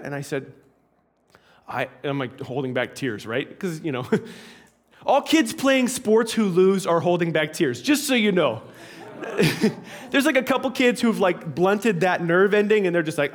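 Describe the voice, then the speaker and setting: A man preaching a sermon as an animated, humorous story with frequent asides. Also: on the high side, moderate pace. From Canada.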